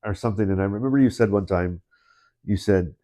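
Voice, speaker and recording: A man with a low, mellow voice co-hosts a podcast in relaxed, casual conversation. He rambles, restarts his sentences and chuckles along as he tells his stories. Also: quick pace. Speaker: podcast co-host. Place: indoors, in-person studio.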